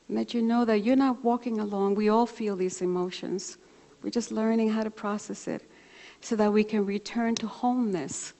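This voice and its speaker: A woman minister giving a sermon, telling a personal story and acting out both sides of a phone conversation. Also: medium pitch. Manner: warm storytelling, animated when retelling a conversation. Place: church sanctuary. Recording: church livestream with long reverb.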